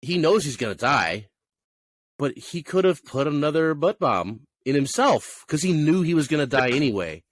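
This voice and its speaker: Rambling, animated man on a podcast. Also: fairly high pitch, normal speed, no room sound. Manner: rambling, animated, laughs often, acts out quotes. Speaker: podcast co-host reviewing movies. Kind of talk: casual chat.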